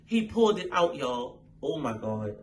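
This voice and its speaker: A man's voice: a little high, normal speed, a little hiss or hum. A man hosting his own storytime vlog, talking casually and animatedly to his viewers with lots of slang. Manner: animated, chatty, playful, uses slang and swearing. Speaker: storytime vlogger, channel host.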